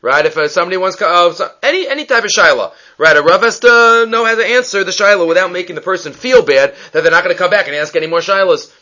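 A man teaching a text-study lecture, lively, often checking in with "right?" and acting out the people in his stories. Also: high-pitched, quick pace, hardly any pauses, muffled recording. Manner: lively, questions the listener with frequent "right?"; acts out quoted speakers in the stories he tells. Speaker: Talmud teacher.

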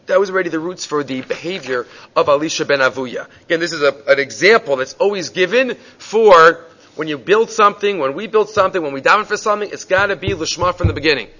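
A man teaching a Gemara class, telling the stories with animated voices for the people in them. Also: on the high side, quick pace. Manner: animated storytelling, acting out voices in quotes. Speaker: Talmud teacher. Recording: dull lo-fi recording.

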